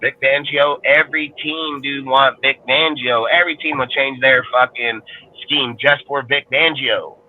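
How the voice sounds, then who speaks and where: A man's voice: medium pitch, fairly even intonation, unhurried, phone-quality sound, slight background noise. A man with a Californian accent ranting angrily about football on a fan panel show, swearing constantly and restarting his sentences. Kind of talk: heated profane sports rant.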